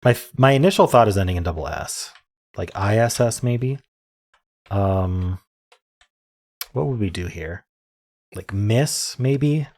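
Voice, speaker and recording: A man with a fairly low voice talks himself through word puzzles in a soft, meandering way. He hesitates often, trails off into ums, and chuckles quietly at his own guesses. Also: expressive, measured pace, long pauses. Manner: muttering, hesitant, many ums, self-amused. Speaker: word game streamer. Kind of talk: thinking aloud while solving puzzles.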